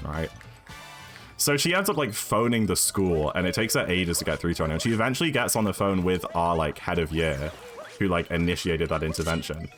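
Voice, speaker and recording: A young man with an English accent, chatting and storytelling casually as a streamer, rambling along with lots of fillers and tags like "right?". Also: low-pitched. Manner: animated, rambling, filler-heavy with frequent "right?".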